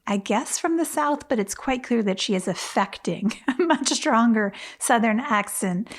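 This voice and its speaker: Woman book-podcast co-host, slightly high voice, animated and quick to laugh, casual chat. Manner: animated, laughs often, reads passages aloud.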